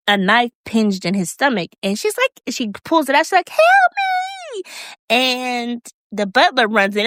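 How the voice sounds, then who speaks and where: A woman hosting a casual recap review, telling the story in a chatty, animated way and acting out quotes. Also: medium pitch, no room sound. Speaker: video recap host.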